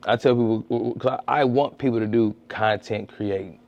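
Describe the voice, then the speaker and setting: A man's voice: brisk, highs cut off. A man, a comedian, chatting casually in a podcast interview, telling stories and acting out quotes with frequent restarts. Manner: animated storyteller, acts out quotes in a high voice, many restarts. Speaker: comedian and street-interview content creator. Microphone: podcast studio mic.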